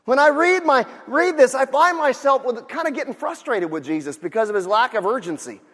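A male pastor with a very high voice delivers an animated sermon. He swings from loud outbursts to quiet storytelling. The room has a long, ringing reverb. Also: fairly quick.

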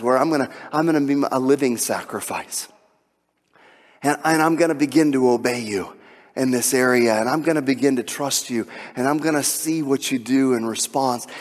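Pastor guy preaching, kinda high voice, acts out the bible dialogue, big echoey church. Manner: animated preaching, acting out scripture dialogue. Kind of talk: sermon. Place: church sanctuary.

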